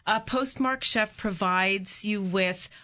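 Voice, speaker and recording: A woman's voice: medium pitch, takes it slowly, pushed and bright. A woman cookbook author describing dishes and ingredients in detail on a talk show, with frequent fillers. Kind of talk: casual talk-show chat.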